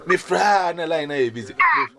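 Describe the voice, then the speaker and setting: Ghanaian man telling a lively story. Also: normal speed, very noisy. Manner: lively storytelling, mixing in English, pitch leaping up and down. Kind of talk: personal testimony on a video call. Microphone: video call.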